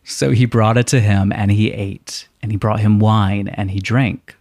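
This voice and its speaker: A man co-hosting a podcast who mixes campy, wry commentary with even readings of scripture verses. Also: on the low side, a little slow, no room sound, clean studio sound. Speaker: podcast co-host. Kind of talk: casual chat and scripture reading.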